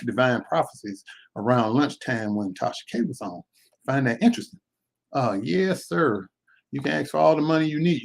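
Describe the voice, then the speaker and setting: A man hosting a live commentary stream in a casual, animated way, with churchy exclamations and repeated phrases. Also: mid-range voice, vocal fry, slightly rough.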